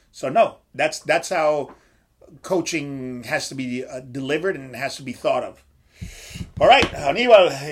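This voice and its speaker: A middle-aged man hosting a podcast, talking like a coach who swears freely and asks and answers his own questions. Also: on the high side. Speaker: podcast host and strength coach. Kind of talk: casual podcast talk.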